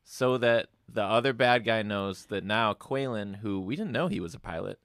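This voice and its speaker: A man's voice: lowish voice, animated, normal speed, a bit bright, no echo, studio quality. A man co-hosting a podcast, casually retelling a movie plot and acting out the characters' quoted lines. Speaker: podcast co-host. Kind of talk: casual movie recap chat.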